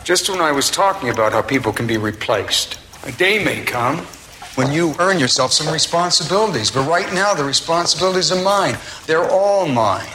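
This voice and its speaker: A man's voice: a little high, animated, moderate pace, background noise, close to an everyday voice. A man playing a condescending ruler. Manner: condescending, domineering. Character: arrogant powerful man lecturing an underling.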